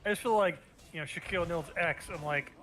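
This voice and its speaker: Bright-voiced man telling a rambling story. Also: a little high, quick pace, faint music behind. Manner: rambling, profane, retells jokes. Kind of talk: casual storytelling chat.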